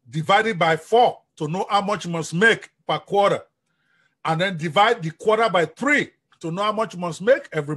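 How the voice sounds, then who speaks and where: Energetic coach, male, high husky voice, live-stream delivery. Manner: energetic, preacher-like, asks the audience questions. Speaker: business coach.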